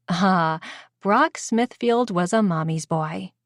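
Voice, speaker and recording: Low-voiced woman narrating an audiobook. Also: moderate pace, no room sound, studio quality. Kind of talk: scripted narration.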